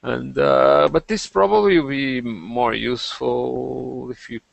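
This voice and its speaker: Slow hesitant man with a gravelly voice. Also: mid-range voice, dry recording. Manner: hesitant, many fillers and restarts. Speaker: podcast host. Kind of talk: casual tech chat.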